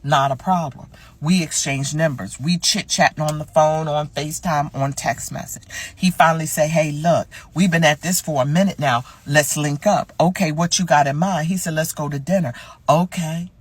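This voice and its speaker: A woman's voice: deep voice, steady tone, moderate pace, slightly rough. A woman telling a dating story to camera in a blunt, sassy way, swearing freely.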